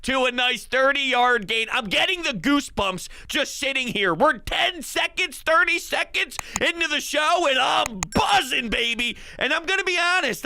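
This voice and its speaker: Philly guy hosting a sports show, super high bright voice, hyped and rambly, dry close mic. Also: smooth, no room sound. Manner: hyped, rambling, joking fan talk with shouted bursts. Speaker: sports podcast host. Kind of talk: excited sports talk monologue.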